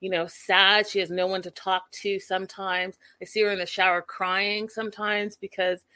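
A woman's voice: mid-range voice, little pitch movement, normal speed, bright, forceful tone. A woman casually recapping a reality show episode, chatty and opinionated, peppered with "like" and "you know".

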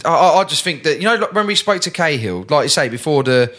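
Rambling football pundit. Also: male voice, fairly high pitch, lively intonation, fast, fairly bright tone. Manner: earnest, rambling, restarts often. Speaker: podcast co-host. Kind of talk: casual chat.

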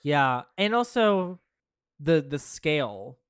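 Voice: mid-range voice, big pitch swings, takes it slowly, clean tone, no room sound, clean studio sound. A podcast co-host in casual chat, thinking aloud with hedges and restarts. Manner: thoughtful, hedging, many restarts.

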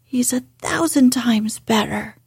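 Woman reader playing a stubborn, fiery little girl; breathy, defiant storybook retorts. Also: on the high side, slow pace, darkish tone, no room sound, clean studio sound, exaggerated voice. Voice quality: breathy whisper. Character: fierce, obstinate young girl.

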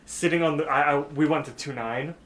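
A man's voice: fairly high pitch, fairly quick, a bit bright. Young guy rambling thru a story on a podcast, lots of likes and ums. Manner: rambling storytelling with many fillers, acts out the characters' lines. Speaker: podcast co-host recapping a cartoon episode. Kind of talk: casual chat.

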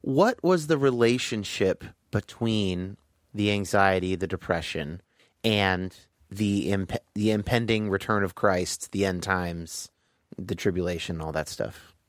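A male interviewer asks calm, probing questions in a slightly low voice. The sound is dry and close, with little room echo. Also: unhurried.

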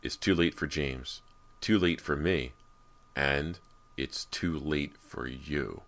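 A man's voice: extremely low pitch, expressive, moderate pace, a bit bright. A male narrator voicing a bitter, vengeful ghost girl who broods darkly.

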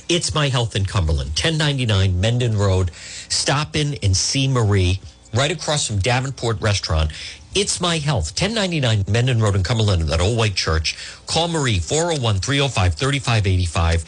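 Lively husky male talk-radio host. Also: medium pitch. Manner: animated, emphatic, mocking voices of opponents. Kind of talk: political talk radio monologue.

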